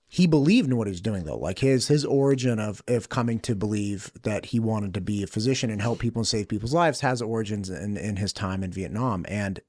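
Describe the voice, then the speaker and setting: A man hosting a podcast, telling a long family anecdote in a casual, animated way, laughing often as he goes. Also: lowish voice, brisk, hardly any pauses, no echo, clean studio sound. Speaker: podcast host. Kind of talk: casual storytelling chat.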